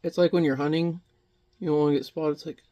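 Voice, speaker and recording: A man's voice: on the high side, fairly even intonation, quick pace, dark tone, highs cut off. A man in his thirties rambling and joking with mild swearing as he chats casually while painting at home. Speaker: painting vlogger.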